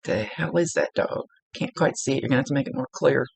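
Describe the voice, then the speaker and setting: Gravelly, husky woman giving a psychic reading. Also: very deep voice, lively intonation, quick pace, no echo. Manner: chatty and blunt, laughs often, swears casually. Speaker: psychic medium. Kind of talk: casual spoken reading for a client. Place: indoors at a table.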